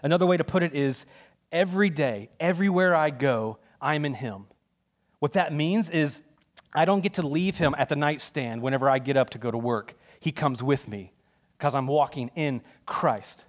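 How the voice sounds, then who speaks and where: A man's voice: on the high side, moderate pace. A man preaching a sermon in an emphatic, conversational way, repeating key phrases.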